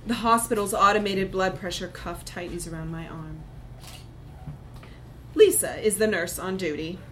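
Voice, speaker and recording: A woman narrating a first-person literary story in a measured, reflective way. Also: medium pitch, a little hiss or hum, poor audio.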